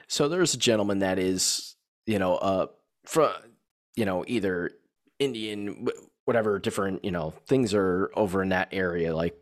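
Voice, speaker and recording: Rambling man telling a family story. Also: fairly low pitch. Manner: rambling storytelling with frequent restarts and fillers. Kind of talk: casual chat.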